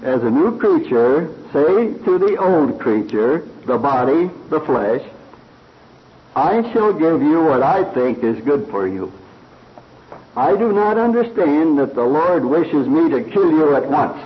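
A man preaching a sermon slowly and earnestly, retelling a fable with quoted voices. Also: on the high side, animated. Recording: dull lo-fi recording.

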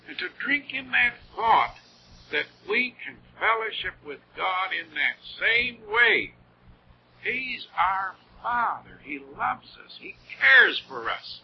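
A man's voice: high-pitched, sing-song, slow, husky. A man preaching a sermon in an earnest, heartfelt way, with rising emphasis on key words. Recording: dull lo-fi old recording with faint noise.

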